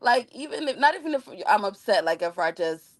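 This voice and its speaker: A woman's voice: fairly high pitch, big pitch swings, a little fast. A woman from New Jersey with a North Jersey accent, an audiobook narrator chatting casually on a podcast and often restarting her sentences.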